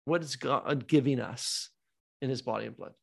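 A man's voice: medium pitch, moderate pace, gravelly, breathy edge. A man leading a Bible study, telling a story with quoted dialogue and growing fervent and emphatic.

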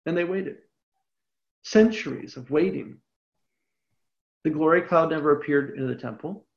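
A Bible teacher giving a scripture lecture in an emphatic way, slowing down to stress key points. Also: mid-range voice, gravelly. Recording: dull lo-fi recording.

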